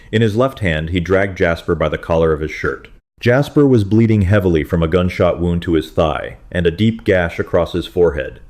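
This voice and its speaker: Male audiobook narrator with a deep voice and a dramatic, steady read. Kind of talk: scripted story narration.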